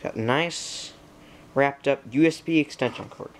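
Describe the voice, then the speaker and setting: A man's voice: mid-range voice, a little slow, noisy background. Rambling young guy unboxing a computer. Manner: rambling, talks to himself and the computer, easily frustrated. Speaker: tech vlogger. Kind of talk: casual unboxing commentary.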